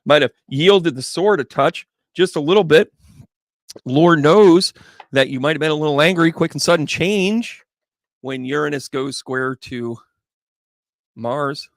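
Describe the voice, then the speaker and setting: A man's voice: a little high, unhurried, no echo, studio quality. A man hosting a live tarot reading stream, chatting casually and playfully with viewers and rambling through jokey asides. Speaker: psychic medium and tarot reader, live stream host.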